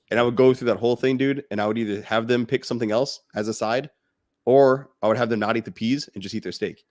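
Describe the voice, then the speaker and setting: A man's voice: mid-range voice, fast talker, no echo, studio quality. A man co-hosting a fatherhood podcast, talking bluntly and animatedly in casual chat. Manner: blunt, animated, jokes with mocking quoted voices. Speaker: podcast co-host.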